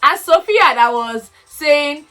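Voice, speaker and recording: A woman giving a casual, animated recap of a reality show, laughing and exclaiming as she talks. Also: sits high, slow pace, faint music behind. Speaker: reality TV commentator.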